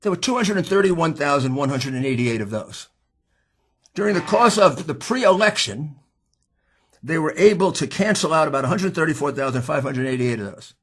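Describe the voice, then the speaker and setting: A man with a husky voice giving an impassioned, combative political speech, pushing hard on key words. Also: a little high, expressive, moderate pace. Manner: emphatic, combative, rising to shouts. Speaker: speaker at a political hearing.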